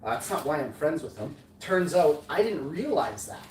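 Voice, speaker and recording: A man's voice: on the high side, big pitch swings, moderate pace. Boastful rambling male vlogger. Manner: boastful, rambling, with self-corrections and slang. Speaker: vlogger, channel host. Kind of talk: casual rambling monologue. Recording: echoey room, distant mic, faint noise.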